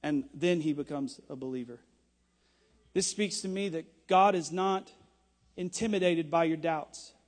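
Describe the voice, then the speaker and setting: A man preaching a sermon with passion, rising at times to shouting. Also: a little high, a little slow, long reverb tail.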